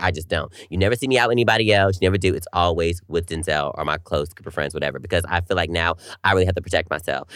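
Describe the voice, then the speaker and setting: A man's voice: low-pitched, fairly bright tone, dry recording, clean studio sound. A young man from North Carolina co-hosting a casual chat, candidly telling stories and acting out what people said. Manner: candid, storytelling with acted-out quotes. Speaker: podcast co-host.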